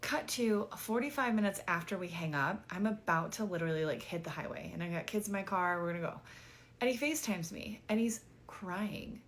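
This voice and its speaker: A woman's voice: on the low side, brisk. A woman vlogger telling a dating story in a chatty, exasperated way, full of "like" and casual swearing.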